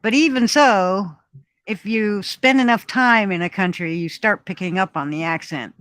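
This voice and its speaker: A woman in her sixties rambles through casual chat and laughs easily. Her voice is bright and forceful, with a middle pitch. The sound is dry and close. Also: normal speed, no room sound. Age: 60s. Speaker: live stream host.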